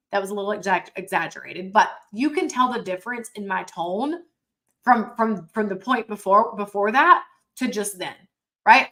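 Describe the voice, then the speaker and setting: Brief: upbeat woman sales trainer, emphatic coaching delivery, crisp bright tone, webinar mic. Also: medium pitch, rough recording. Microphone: computer mic on a webinar.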